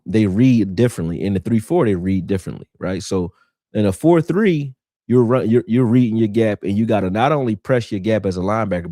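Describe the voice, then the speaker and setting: A man hosting a casual live football film breakdown, talking in an animated, argumentative way and answering people in the chat. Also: fairly low pitch, no room sound, clean studio sound.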